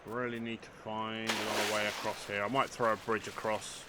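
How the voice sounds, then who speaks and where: A man's voice: lowish voice, little pitch movement, moderate pace, very noisy. An older man, chatting casually through a let's play, joking at his own expense. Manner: chatty, self-mocking, dry humour, talks to game characters. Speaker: gaming channel host.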